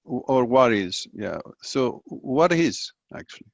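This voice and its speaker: A man asking questions in a spiritual group discussion, halting and searching for words. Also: medium pitch, big pitch swings, creaky, no echo, highs cut off. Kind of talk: casual discussion.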